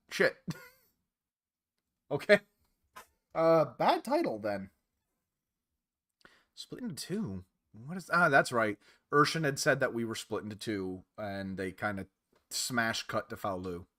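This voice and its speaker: A man hosting a let's play in a casual game commentary style, chatty and quick to laugh. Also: medium pitch, a bit bright.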